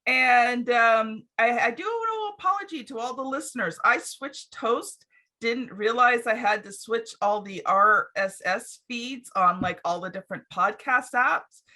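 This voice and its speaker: A woman's voice: on the high side, animated, unhurried, pushed and bright. A woman hosting a podcast, chatting casually and reflectively with plenty of fillers. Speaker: podcast host. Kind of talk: casual chat.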